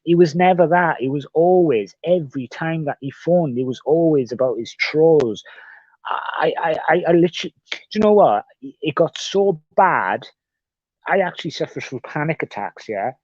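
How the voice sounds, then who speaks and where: A man's voice: fairly high pitch, lively intonation, normal speed, darkish tone, no room sound. A man livestreaming in casual chat, rambling and swearing often as he repeats himself. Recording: dull, dry sound.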